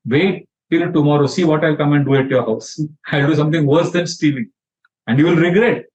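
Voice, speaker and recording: A man's voice: on the high side, fairly quick, darkish tone, close to an everyday voice. A man voicing a mischievous divine boy who teases and mock-threatens the villagers. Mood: teasing. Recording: dull lo-fi sound.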